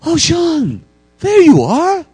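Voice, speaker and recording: A pastor putting on a high falsetto gentle old priest. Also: male voice, wildly swooping pitch, slow pace, no room sound, exaggerated voice. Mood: gently joyful. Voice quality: high, sing-song falsetto. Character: kindly elderly male priest, gentle and forgiving. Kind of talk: sermon storytelling.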